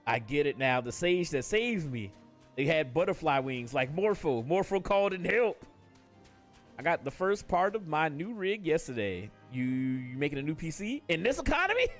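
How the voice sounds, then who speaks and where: A man's voice: on the high side, very animated, moderate pace, soft background music. A man chatting casually on a gaming stream, joking and swearing freely as he plays. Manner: joking, swears freely, reads game dialogue aloud.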